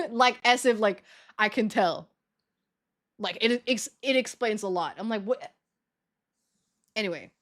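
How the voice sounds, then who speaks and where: A woman's voice: medium pitch, animated, unhurried, long pauses, fairly bright tone. Chatty young woman streamer, laughing. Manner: chatty, self-mocking, laughs often, acts out quoted dialogue. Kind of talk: casual chat to stream viewers.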